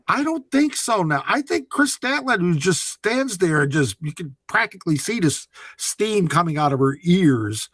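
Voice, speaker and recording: A man hosting a casual round-table chat about wrestling, animated and joking, laughing often. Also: sits high, normal speed, hardly any pauses, slightly rough, dry recording, studio quality. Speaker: podcast host.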